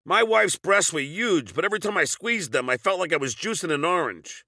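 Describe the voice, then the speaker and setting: Lively, bright-voiced man telling crude stories. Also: sits high, a little fast, gravelly, dry recording, clean studio sound. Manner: crude, sarcastic storytelling. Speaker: memoir narrator. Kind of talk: reading his own memoir aloud.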